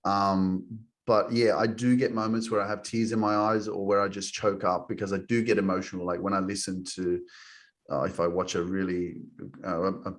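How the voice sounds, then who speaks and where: A man's voice: low-pitched, level tone, moderate pace. A man hosting a podcast, talking in a reflective, open way with many "um"s and calling his guest "man". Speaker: podcast host. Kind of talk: casual podcast chat.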